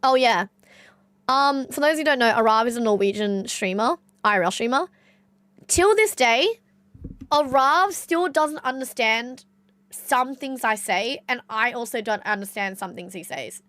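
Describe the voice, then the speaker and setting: A woman's voice: a little high, expressive, unhurried, a bit bright, no echo. A young Australian woman with an Australian accent, chatting casually with her live-stream audience, laughing often. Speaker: livestreamer.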